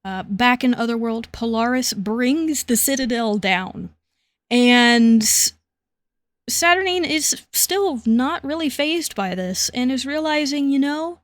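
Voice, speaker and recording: Podcast co-host, female, relaxed plot narrator, a bit higher pitched, dead-dry recording. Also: slow pace, no echo. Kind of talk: casual comic recap chat.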